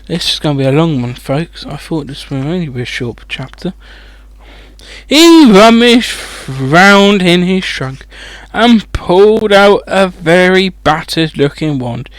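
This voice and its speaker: Man, high lively voice, sweary comedic audiobook reading, dry close sound. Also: measured pace, no echo. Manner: sweary, rambling, mocking asides. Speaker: audiobook reader.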